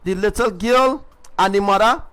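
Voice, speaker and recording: A man's voice: sits high, normal speed, a bit bright. A man voicing a horde of demons who indignantly question him during a spoken testimony. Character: a horde of taunting male demons.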